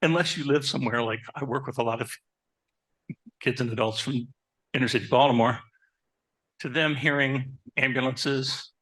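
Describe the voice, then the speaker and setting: Man, husky voice, forceful, animated speaker, rhetorical questions, conversational talk. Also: medium pitch, normal speed, pauses often. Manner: animated, asks the audience questions; personal anecdotes, conversational. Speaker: therapist giving a talk. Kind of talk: live presentation to an audience.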